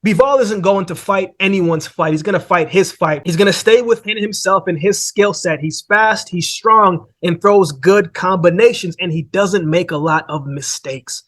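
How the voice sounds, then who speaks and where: Man, high pitch, casual fight analysis, conversational, fillers like "man" and "right?". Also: moderate pace, few pauses, a bit bright. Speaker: boxing analyst host. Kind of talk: casual boxing breakdown.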